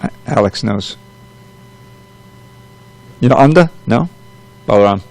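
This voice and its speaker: A man's voice: lowish voice, animated, a little slow, vocal fry, darkish tone, low-quality recording. A man reading a scripture commentary aloud and then lecturing on it in a loose, conversational way, with frequent asides. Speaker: temple class speaker.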